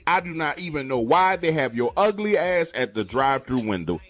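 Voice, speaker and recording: A man's voice: a little high, big pitch swings, a little fast, faint music behind. A man doing a furious, insulting drive-thru customer. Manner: relentless, loud insults.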